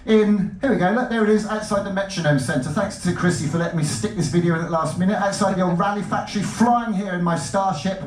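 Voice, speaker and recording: A man giving an animated stage talk to an audience, jumping between stories and cutting himself off mid-word. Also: high-pitched, quick pace, hardly any pauses. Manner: animated, jumpy, self-interrupting. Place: lecture hall. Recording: roomy hall, mic at a distance.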